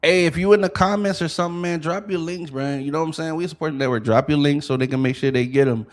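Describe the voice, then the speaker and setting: Man, podcast host, casual chat, rambling and repetitive, slightly high voice. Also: fast. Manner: rambling, peppered with "you know what I'm saying".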